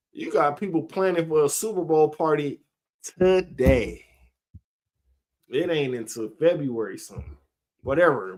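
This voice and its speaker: A man, giving a casual sermon-style monologue, slow and conversational, laughing between his points. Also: on the high side. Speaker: street preacher.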